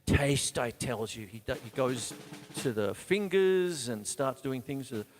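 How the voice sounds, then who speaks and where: A man's voice: mid-range voice, expressive, a little slow, darkish tone, long reverb tail, a little hiss or hum. A man hosting a live drum lesson, chatty and self-mocking, counting beats aloud between explanations. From Australia. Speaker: drum teacher and show host. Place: home studio with drum kit.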